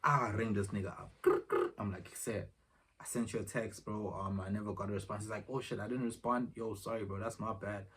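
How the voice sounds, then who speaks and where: A young vlogger at home tells a rambling, slangy story, acting out the back-and-forth of conversations in dialogue. His voice is on the low side, a little fast, fairly bright and slightly rough, with fairly even intonation. It's picked up by a distant phone camera mic with faint background noise.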